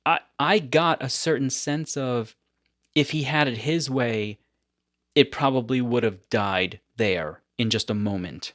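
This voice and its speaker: A man hosting a podcast in casual chat, telling stories with animated energy and frequent laughter. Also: mid-range voice, measured pace, no echo, studio quality. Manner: animated storyteller, laughs often. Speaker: podcast host.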